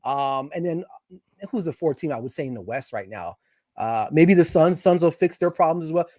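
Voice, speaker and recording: A man with a notably high voice talks sports as a guest, animated and opinionated. He often restarts his sentences as he builds a point. The sound is dry and close, with no room echo. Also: normal speed. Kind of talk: casual sports chat.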